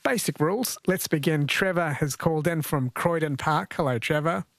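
A man's voice: fairly high pitch, moderate pace, vocal fry, fairly bright tone, no room sound. Chatty male radio host in a dry studio. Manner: chatty, jokey, laughs often. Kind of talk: radio quiz hosting.

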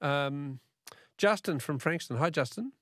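A man's voice: fairly high pitch, expressive, measured pace, fairly bright tone, dry recording, studio quality. An Australian man hosting a talkback radio quiz, chatty and laughing often.

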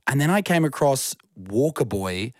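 A young adult man with an Australian accent, co-hosting a casual radio show and chatting in a relaxed, rambling way. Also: mid-range voice, moderate pace, dry recording, clean studio sound. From Western Australia. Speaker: radio host.

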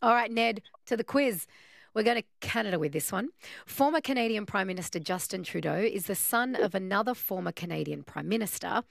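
A woman's voice: medium pitch, animated, a little fast, creaky, dry recording, studio quality. A woman with an Australian accent hosting a radio call-in, upbeat and encouraging with her callers. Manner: upbeat, encouraging, laughs often. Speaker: radio host.

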